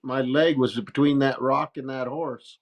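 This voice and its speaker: A man's voice: medium pitch, steady tone, a little slow. A plainspoken man telling a hunting story in a casual, salty way. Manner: plainspoken, salty, laughs at himself. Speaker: guest storyteller.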